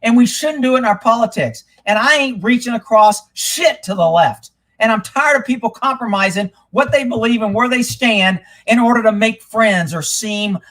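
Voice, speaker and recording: A high-pitched man hosting a live political talk stream. He rants with heat and curses freely, his voice rising to a shout when something gets to him. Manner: fired-up, swearing, shouts when worked up. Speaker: livestream host.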